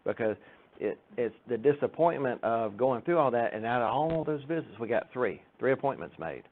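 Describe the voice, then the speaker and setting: Through tinny, phone-like audio, a man tells joking stories during a casual church talk, voicing the people he quotes. He speaks at a moderate pace with a medium pitch and lively intonation.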